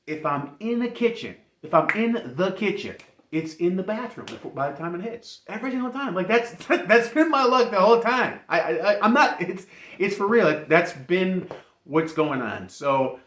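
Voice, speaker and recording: A man casually telling an embarrassing personal story, animated and laughing as he goes. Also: high voice. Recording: roomy echo.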